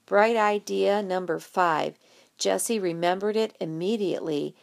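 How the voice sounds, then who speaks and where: A woman narrating an audiobook in a lively, expressive storytelling way. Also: medium pitch, a little slow, creaky.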